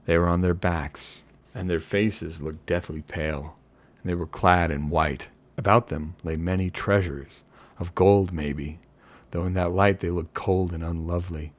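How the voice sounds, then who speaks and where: A man reading a fantasy story aloud as a measured, dramatic audiobook narrator. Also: low voice, steady tone, no echo. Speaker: audiobook reader.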